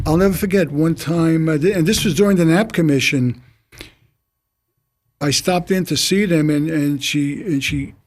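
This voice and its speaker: A man's voice: on the high side, a little mellow. An older man, a retired police officer, on a studio panel, telling long stories with many restarts. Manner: rambling anecdotal storytelling, many restarts. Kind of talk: panel discussion on community TV.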